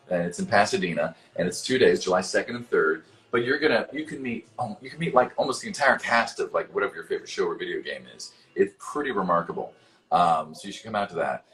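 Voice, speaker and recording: In this livestream Q&A, a man in his fifties with a fairly low, slightly bright voice reads fan questions aloud. He answers each one casually, rambling and swearing freely.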